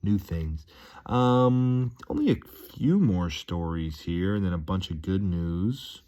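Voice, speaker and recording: Deep-voiced man rambling upbeat vlog. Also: expressive, slow pace, dark tone. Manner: rambling, chuckling, playful and enthusiastic. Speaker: vlogger. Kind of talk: casual upbeat monologue to camera.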